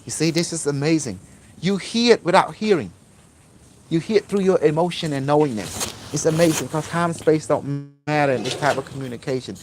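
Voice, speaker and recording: A man with a fairly high voice who lectures loosely on spiritual ideas. His English is broken and his phrasing circles back on itself. He stresses points by repeating them. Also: a little fast, slight background noise. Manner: broken English, repetitive, emphatic. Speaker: spiritual teacher. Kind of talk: rambling informal lecture.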